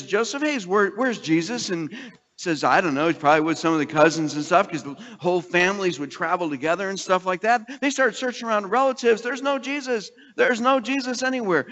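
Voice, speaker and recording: A middle-aged male pastor with a fairly high voice, preaching in an easy, chatty storytelling manner. The recording sounds dull and lo-fi. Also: fairly bright tone, in a large hall. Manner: conversational storytelling preacher, voices the people in his stories. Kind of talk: sermon.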